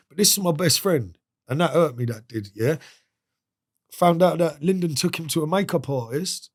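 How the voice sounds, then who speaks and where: On a podcast, a male guest tells a story in a casual interview, his voice sitting on the high side. His manner is streetwise, he swears freely, and he performs the voices of the people he quotes.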